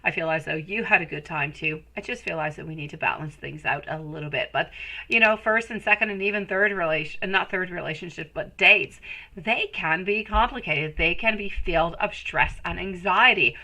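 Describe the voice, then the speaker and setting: A woman's voice: fairly low pitch, normal speed, pushed and bright, rough recording. A woman giving a live-stream tarot reading, chatty and affectionate, calling viewers sweetie. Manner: chatty, rambling with restarts. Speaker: tarot reader.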